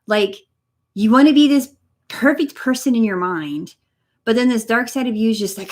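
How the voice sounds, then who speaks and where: A young woman giving a spiritual energy reading on a live stream, talking softly and encouragingly to viewers by name from a room at home. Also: on the high side, lively intonation, normal speed. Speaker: energy reader. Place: home room next to her computer.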